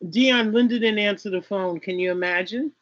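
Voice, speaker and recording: A host of a prayer call, briskly prompting callers to testify or read. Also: mid-range voice, fairly bright tone, a little hiss or hum. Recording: muffled dry phone-call line.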